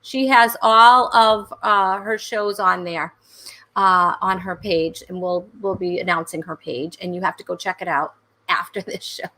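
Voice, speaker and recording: A woman's voice: on the low side, fairly even intonation, unhurried, sharp tone. A woman hosting a comedy talk show over a video call, chatting in a rambling way full of fillers and laughs. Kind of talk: casual livestream chat.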